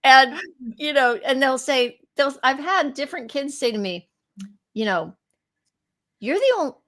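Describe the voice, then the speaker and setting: A middle-aged woman co-hosting a casual chat, telling stories in an animated way and acting out quotes. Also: high-pitched, measured pace. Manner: animated storyteller, laughs often, acts out quotes. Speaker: podcast co-host.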